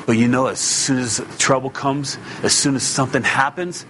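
A man preaching a sermon in a casual, emphatic way, building up to loud calls to his listeners. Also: fairly high pitch, expressive, normal speed, a little hiss or hum. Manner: emphatic and conversational, rising to loud exhortation.

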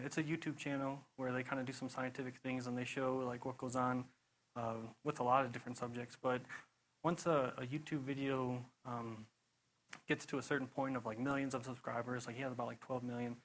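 A young man giving a casual sermon testimony, telling rambling, animated stories full of "you know" and quick laughs. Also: medium pitch, a little hiss or hum, rough recording. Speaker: preacher.

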